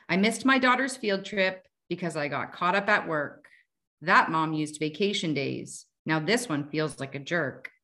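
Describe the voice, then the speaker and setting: A woman's voice: fairly low pitch, a bit bright. A woman on a video call, chatting casually as a guest and reading her own rhyming poems aloud. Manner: chatty, fillers like "like" and "um". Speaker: guest poet.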